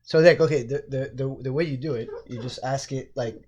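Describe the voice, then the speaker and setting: A man co-hosting a podcast, chatting casually, excitable, stammering and full of fillers. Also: mid-range voice, fairly quick, dull audio, a little hiss or hum. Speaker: podcast co-host.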